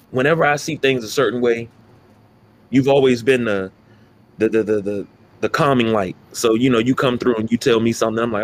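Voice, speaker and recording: A man co-hosting a casual sports talk podcast, emphatic and profane as he rants about players. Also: medium pitch. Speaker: podcast co-host.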